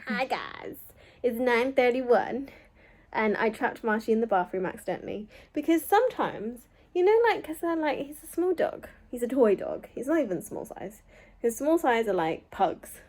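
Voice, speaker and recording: Chatty woman, slightly high voice. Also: expressive, moderate pace, a little mellow. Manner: rambling, chatty, lots of "like" and "um". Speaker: vlogger. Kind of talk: casual chatty vlog.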